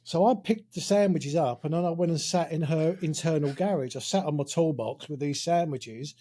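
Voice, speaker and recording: A man's voice: fairly high pitch, a little fast, warm tone. A man co-hosting a podcast, telling an easygoing anecdote in casual chat.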